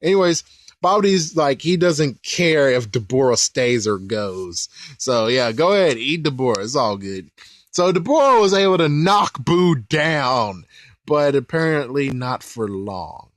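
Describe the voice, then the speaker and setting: A man's voice: medium pitch, very animated, a little slow, no room sound. A young man giving a casual, rambling episode commentary, laughing as he talks. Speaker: host.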